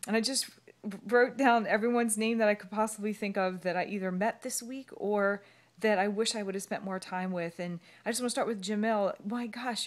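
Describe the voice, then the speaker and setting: A woman talking from her bed at home into a phone camera, rambling and emotional as she holds back tears. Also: mid-range voice. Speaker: fitness coach. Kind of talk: emotional video message.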